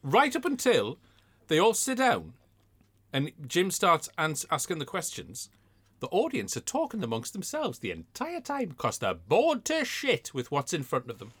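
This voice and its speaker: A man chats and jokes in a lively, sweary way, full of mock outrage. His voice sits a little high and swings widely in pitch as he tells the story. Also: measured pace. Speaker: podcast co-host. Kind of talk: casual comedic chat reviewing an old TV show.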